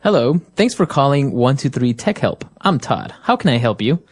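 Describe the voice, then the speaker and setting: A woman reading a calm, patient male tech support agent in a scripted dialogue. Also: rumbling low, moderate pace, breathy edge, soft background music, exaggerated voice. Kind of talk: scripted role-play dialogue.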